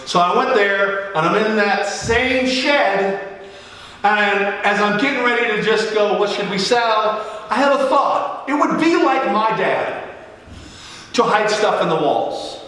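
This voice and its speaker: A middle-aged man preaching a sermon as a joking, animated storyteller who acts out the dialogue. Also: high-pitched, takes it slowly, long pauses. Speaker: pastor. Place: large church hall. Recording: echoey church hall from a distance.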